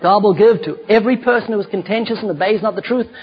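A man with a fairly high, husky voice preaches with fervour, his lines rising to loud, shouted emphasis. The recording sounds somewhat muffled and dull. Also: fast talker. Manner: fervent, rising to shouts on key points. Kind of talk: sermon.

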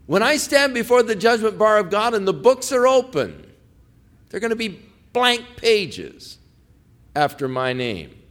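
Male pastor preaching, folksy anecdotes, soars high then sinks to a hush. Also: very animated, a little slow. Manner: swings from loud preaching to hushed pleading; folksy storytelling with restarts. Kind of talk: sermon.

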